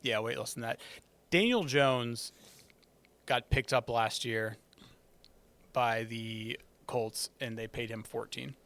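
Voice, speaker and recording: A man's voice: mid-range voice, slow pace, long pauses, fairly bright tone. A man co-hosting a casual sports podcast, laid-back and chuckling as he gives his takes. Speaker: podcast co-host.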